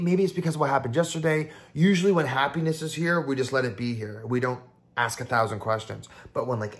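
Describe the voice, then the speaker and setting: A man, a therapist, talking casually to camera about mindfulness in an upbeat, conversational way, now and then acting out people's inner voices. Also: mid-range voice.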